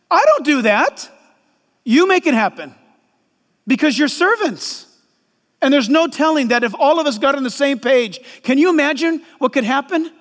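A middle-aged man preaching a sermon as pastor, animated and joking, acting out little voices. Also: very high voice. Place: large church hall. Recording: long hall reverb.

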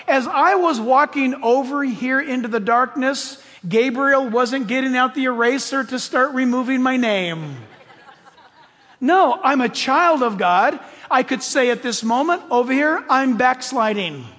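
A man preaching a sermon to his church, animated, swinging between loud exclamations and hushed, nearly whispered passages. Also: very high voice, a little slow. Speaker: pastor. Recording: long hall reverb.

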